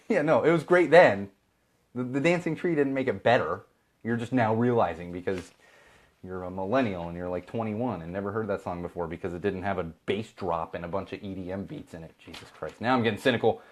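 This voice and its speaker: A man's voice: deep voice, fast. A man in his thirties hosting a podcast, chatting casually and ranting with sarcastic asides. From Chicago, USA. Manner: ranting, sarcastic asides, mimics other people. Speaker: podcast host. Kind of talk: casual live-stream chat.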